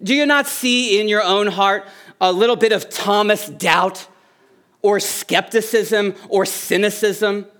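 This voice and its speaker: A man's voice: high-pitched, measured pace, fairly bright tone, clear, resonant tone. A middle-aged man preaching a sermon as pastor, earnest and lifting his voice on key phrases.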